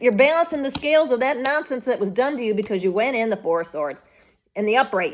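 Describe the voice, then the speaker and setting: A woman's voice: fairly high pitch, fast. Blunt, profane woman reading tarot. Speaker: tarot reader.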